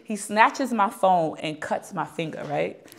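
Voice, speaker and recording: A young adult woman being interviewed, telling a long story in a lively way and acting out the people in it. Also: medium pitch, unhurried, gravelly. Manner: animated, acts out quoted dialogue. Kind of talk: storytelling anecdote.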